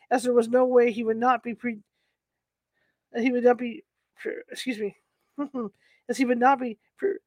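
A woman's voice: fairly high pitch, darkish tone, dry recording. A woman reading a historical courtroom account aloud, stumbling over words and correcting herself as she goes. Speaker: narrator.

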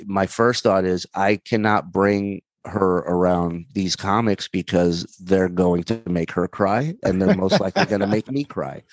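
A comedian man telling animated, rambling stories with many fillers, in a casual chat. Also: sits low, unhurried, hardly any pauses, no room sound. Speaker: comedian guest. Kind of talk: casual storytelling.

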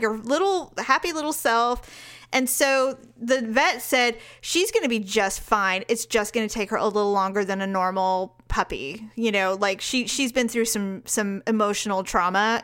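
A woman co-hosting a casual talk show, telling a story with lively quoted dialogue and frequent laughter. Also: a little high. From California. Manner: animated, laughs often, acts out quotes. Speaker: podcast co-host.

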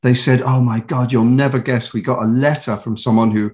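A man's voice: medium pitch, steady tone, fairly quick, darkish tone. A British man from England, a voice actor and author, telling stories in a casual interview with many restarts and laughs.

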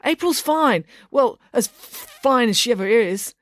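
A woman's voice: a little high, expressive, a little slow, no room sound, clean studio sound, voice pushed up. A woman voicing a loyal, nervous man who stammers and hesitates.

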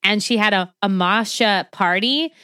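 A woman with a bright, forceful voice tells a true crime story in a loose, chatty way. She swears freely, laughs often and wanders off on tangents. The sound is dry and close to the mic. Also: mid-range voice, unhurried, clean tone, no echo. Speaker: podcast co-host telling a true crime story. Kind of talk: casual true crime chat.

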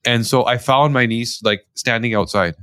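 A man from Canada, a guest, telling a family story in lively conversational style with quoted dialogue. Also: mid-range voice, moderate pace, clean tone, no echo, clean studio sound. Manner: animated, tells stories with quoted dialogue. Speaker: guest, company founder.

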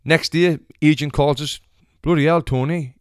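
A fairly high-pitched young male voice speaks at a normal pace, smooth and fairly even in intonation. The speaker, a retired boxer with a Sunderland English accent, chats through a casual tale, swearing freely and impersonating its characters. The studio sound is clean, with no room sound.

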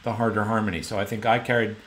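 A man's voice: on the low side, flat delivery, racing, fairly bright tone. A middle-aged man hosting a podcast, casually prompting his guest to tell a story, often repeating his words. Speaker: podcast host. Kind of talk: casual interview chat.

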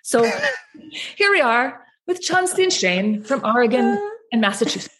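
A woman's voice: a little high, big pitch swings, normal speed, a bit bright. A woman hosting a podcast in a chatty, bubbly way, rambling through asides and laughing often. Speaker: podcast host.

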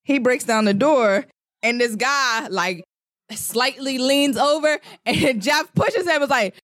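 Animated, laughing podcast storyteller. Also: high-pitched, unhurried, no echo, studio quality. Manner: animated retelling, acting out lines, laughing often. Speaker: podcast co-host. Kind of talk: casual movie-recap chat.

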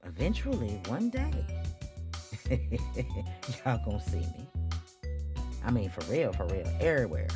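A woman with a low, very expressive voice hosts a spiritual talk podcast. She speaks casually and preachily into a microphone, firing off rhetorical questions and chuckling often. Music plays clearly beneath her. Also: a little slow, long pauses. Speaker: podcast host. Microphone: studio microphone.

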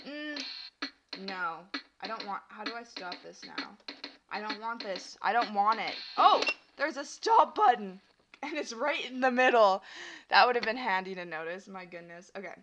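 A woman's voice: mid-range voice, animated, moderate pace, muffled recording, noisy background. A young woman hosting a casual solo podcast, talking in a chatty, scattered way that jumps between thoughts. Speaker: podcast host. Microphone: home podcast mic. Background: toy piano music.

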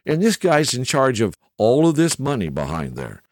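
At a moderate pace, a middle-aged man rambles through a folksy anecdote in a casual monologue, his pitch swinging up and down and "okay?" tossed in as he checks in. The sound is close and dry, with no room echo.

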